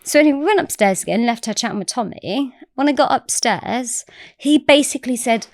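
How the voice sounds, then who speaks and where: Lively woman telling a story. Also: fairly high pitch, fairly quick, dry recording, clean studio sound. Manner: animated, swearing freely, acts out quotes. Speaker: podcast guest. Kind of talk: casual storytelling.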